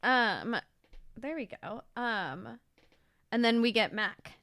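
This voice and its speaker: A woman's voice: fairly high pitch, animated, slow, fairly bright tone, dry recording. A woman co-hosting a podcast, recapping a TV episode in casual chat with dry, teasing quips and frequent laughs. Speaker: podcast co-host.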